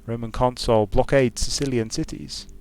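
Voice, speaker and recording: A man's voice: medium pitch, fairly even intonation, normal speed, creaky, a little mellow, faint music behind. A British man, a game designer, giving casual, digressive commentary while he plays a strategy game. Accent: British English. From United Kingdom. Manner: digressive, musing aloud. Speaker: game designer streaming his play.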